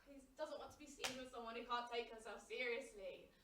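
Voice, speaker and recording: A high-pitched young woman delivers a theatrical comic monologue on a live stage. Her voice dips to hushed murmurs and then rises into loud outbursts. She sounds a little distant from the mic, in an echoey room with a faint hum of ambience behind her. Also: fairly even intonation, moderate pace. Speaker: solo performer.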